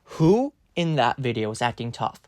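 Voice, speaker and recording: A woman with a low voice rants her way through a reaction commentary, exasperated and prone to sudden outbursts. Her voice sounds strained from yelling. The recording is close and dry. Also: big pitch swings, normal speed, no room sound. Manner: exasperated, ranting, swings into outbursts. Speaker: commentary creator.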